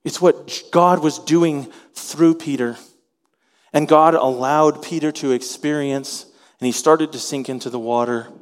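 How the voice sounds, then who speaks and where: A man preaching a sermon, animated, acting out the voices of the people in his story. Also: fairly high pitch, unhurried, big-room sound. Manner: animated, acts out voices in quotes. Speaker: pastor.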